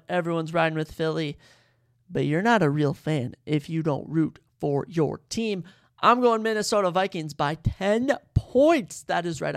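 A podcast host giving sports picks in casual chat, excitable and rambling, often correcting themselves. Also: mid-range voice, gravelly. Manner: excitable, fired-up fan talk; rambling, self-correcting asides.

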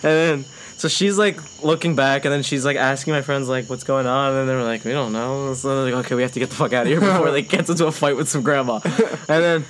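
A man's voice: mid-range voice, steady tone, fast talker, a bit bright. A young man telling a long, swear-filled story in casual chat, often laughing and acting out what people said. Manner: laughs often, heavy swearing, acts out quotes. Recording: faint background noise.

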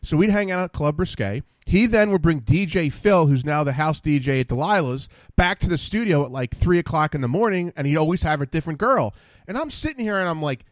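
A man hosting a podcast, telling stories in a casual, animated way and laughing often. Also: a little high, a little fast, no echo. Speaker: podcast host. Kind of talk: casual chat, storytelling.

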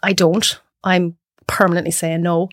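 An Irish woman chatting as a podcast guest, telling lively stories and acting out her own reactions. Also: fairly low pitch, unhurried, dry recording, clean studio sound. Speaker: guest cook. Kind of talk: casual chat.

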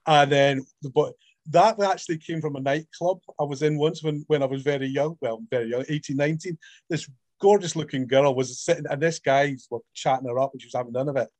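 Lively Scottish man, higher-pitched. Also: fairly quick, no echo. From Scotland. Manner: animated storyteller, acts out quoted voices. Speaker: author guest. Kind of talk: casual interview chat.

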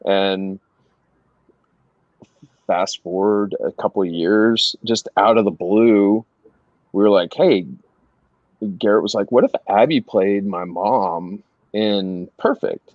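A middle-aged man casually telling anecdotes as a guest, animated and laughing as he goes. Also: fairly low pitch, takes it slowly, long pauses, no echo. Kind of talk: casual storytelling. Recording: dry, slightly dull sound.

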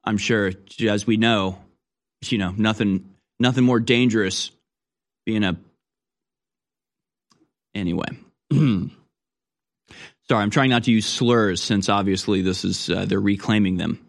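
A man's voice: on the low side, fairly even intonation, a little slow, vocal fry, pauses often. A man hosting talk radio, reading news and mocking it with sarcastic commentary that often trails off.

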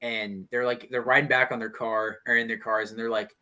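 A man's voice: mid-range voice, fairly even intonation, a little fast, hardly any pauses, sharp tone. A young man in a casual chat, thinking aloud, often stopping and restarting his sentences. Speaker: co-host.

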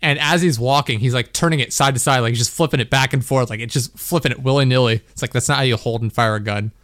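Telling a rambling story between laughs and endless "like"s, a young podcast host keeps things casual. His voice is medium-pitched and fairly bright, his pace fast, and the studio sound is clean with no echo.

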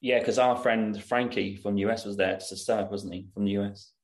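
A man with a low voice hosts a conversational podcast. He talks in a relaxed, chatty way, drifting through fillers as he steers toward the next question. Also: a little fast. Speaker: podcast host. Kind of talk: casual interview chat.

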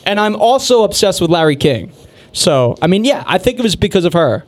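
A man's voice: high voice, very animated, fairly quick. A man hosting a casual podcast chat, telling long rambling stories and laughing often.

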